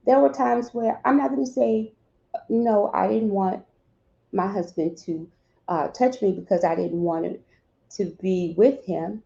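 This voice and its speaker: A woman speaks directly and earnestly to parents in grief, acting out small dialogues as she goes. Her voice is warm and mellow, and the recording is dull and lo-fi. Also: mid-range voice, a little slow, creaky. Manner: direct, heartfelt, acts out little dialogues. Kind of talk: earnest advice talk.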